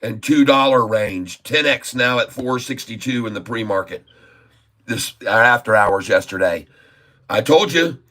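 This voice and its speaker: A man with a medium-pitched, sharp-toned voice talks at a measured pace on a stock trading livestream. His casual take on the market is emphatic and repetitive, and "folks" comes up constantly as he addresses viewers.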